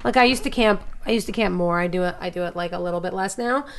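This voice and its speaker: A woman from New York chatting as a podcast guest, an animated storyteller who jumps into voices. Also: on the low side, quick pace, gravelly. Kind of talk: casual podcast chat.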